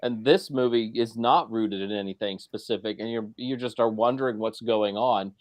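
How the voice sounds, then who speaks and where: A man's voice: lowish voice, normal speed. A man on a video call panel, musing wryly and speculatively about a film in casual discussion. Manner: wry, speculative.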